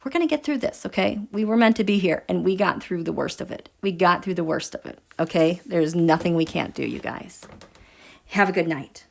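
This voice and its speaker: A woman hosts a casual tarot and astrology livestream, speaking straight to her viewers. She is animated and emphatic, and her pitch swings widely as she reads out their comments. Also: fairly quick, vocal fry.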